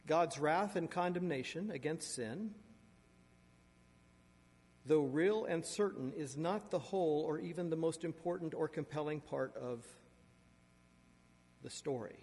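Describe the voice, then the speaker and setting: A man preaching a sermon, reading scripture aloud and adding asides, with sharp shifts in loudness and emphasis. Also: fairly high pitch, unhurried, long pauses, husky. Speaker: pastor. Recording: long reverb of a large hall.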